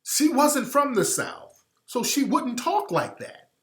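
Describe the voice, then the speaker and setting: A man's voice: extremely high pitch, wildly swooping pitch, slow pace. A man hosting a radio show, giving a blunt, emphatic monologue and repeating his points for effect. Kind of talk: impassioned monologue. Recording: roomy echo.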